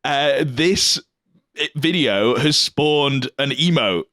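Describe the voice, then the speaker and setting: Brief: man, mid-pitched co-host, loose and rambling, dry close mic. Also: expressive, slow pace, a bit bright, dry recording. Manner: rambling, laughs between his thoughts. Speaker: podcast co-host. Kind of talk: casual chat.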